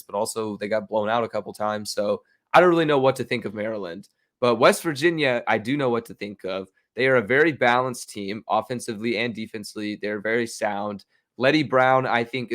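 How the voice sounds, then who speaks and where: A man hosting a sports betting podcast, talking casually and excitedly, opinionated and rambling with frequent restarts. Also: mid-range voice. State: hiccups.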